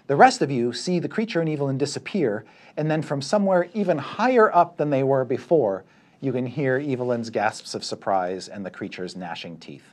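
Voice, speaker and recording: A man running a tabletop game as dungeon master, narrating the scene with lively asides to the players. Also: medium pitch, moderate pace.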